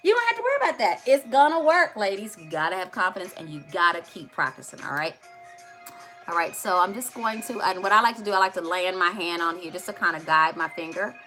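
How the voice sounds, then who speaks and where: A woman's voice: on the low side, fairly quick, pushed and bright, faint music behind. A woman hosting a live makeup tutorial, chatting to her viewers directly with playful asides.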